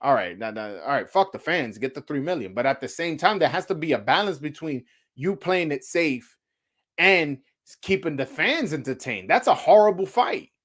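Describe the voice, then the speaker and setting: A man's voice: on the high side, expressive, moderate pace, a bit bright. A man hosting his own show, giving a casual, profane opinion rant with rhetorical questions and many repeats. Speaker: boxing commentator, show host.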